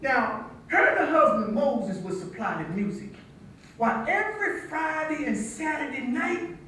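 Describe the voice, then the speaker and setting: A woman performs a stage monologue as an older woman who wistfully tells young listeners about a once-lively dance hall. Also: high-pitched, a little slow, a little hiss or hum. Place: theatre stage. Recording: echoey hall from far off.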